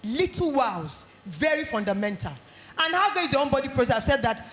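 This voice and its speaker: A middle-aged woman with a Nigerian accent giving a lively motivational talk at an education conference, acting out little scenes. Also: high-pitched, brisk, echoey room. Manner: animated, acts out little scenes in quoted voices.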